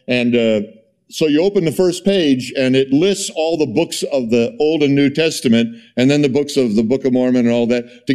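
A man giving a sermon in a conversational, storytelling way, full of fillers and restarts, his pitch jumping up when he is incredulous. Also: warm tone. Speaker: pastor.

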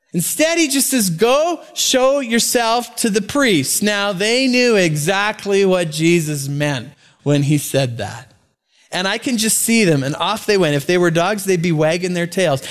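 A middle-aged male pastor delivers his sermon in a high, light voice. He talks to the congregation like friends, cracks small jokes, and stumbles over repeated words as he goes.

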